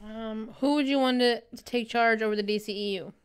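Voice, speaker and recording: A woman's voice: on the high side, fairly even intonation, fairly quick, smooth. A woman reading viewer questions aloud to a host in a plain, slightly hesitant way.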